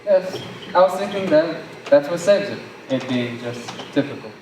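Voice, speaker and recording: A teen actor as a wordy, sardonic young suitor on a school stage. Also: male voice, on the high side, animated, moderate pace, close to an everyday voice. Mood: wry. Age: teens. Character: fast-talking self-assured young man courting. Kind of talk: high school stage play. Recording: roomy, distant mic, faint noise.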